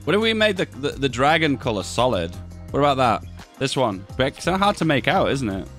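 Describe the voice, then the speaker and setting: A man's voice: mid-range voice, very animated, brisk, over music. A man hosting a casual video, chatting as he edits images, often asking viewers what they think and laughing at his own jokes. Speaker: video host. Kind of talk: casual commentary while editing images.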